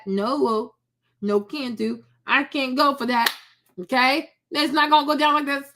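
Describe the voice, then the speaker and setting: A woman's voice: high voice, a bit bright. A woman giving blunt, sassy reaction commentary, scolding someone with pointed rhetorical questions. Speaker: commentary vlogger.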